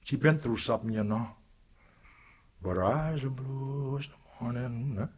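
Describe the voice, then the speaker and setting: A man tells a poetic spoken-word story in a sing-song manner, rising to soaring highs and sinking to hushed lows at a measured pace with a breathy edge. The recording is dull and lo-fi.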